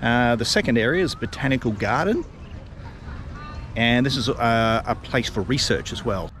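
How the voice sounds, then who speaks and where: A man's voice: mid-range voice, animated, moderate pace. A middle-aged Australian man narrating a casual walking vlog outdoors, rambling and chatty with lots of fillers and restarts. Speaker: travel vlogger. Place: outdoors in a city park. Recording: outdoor street and traffic noise.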